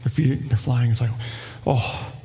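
A man's voice: fairly high pitch, normal speed, a little hiss or hum. A pastor giving a conversational sermon with asides to his listeners.

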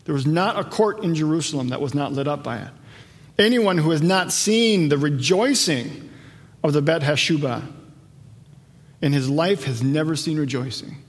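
A man preaching a sermon. He reads scripture slowly and rises in pitch and loudness when he stresses a point. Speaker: pastor. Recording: long hall reverb.

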